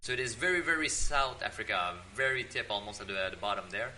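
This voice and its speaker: A man hosting his own vlog, tasting wine at home in his apartment and talking in a relaxed, rambling way with many fillers. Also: on the low side, quick pace, slight background noise, rough recording. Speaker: host of a drink-tasting channel.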